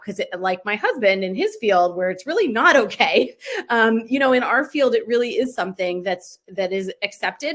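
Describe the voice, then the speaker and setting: A woman's voice: mid-range voice, a bit bright. A woman in her thirties, a pediatric oncologist, chatting casually on a video call, with lots of "like" and "right?".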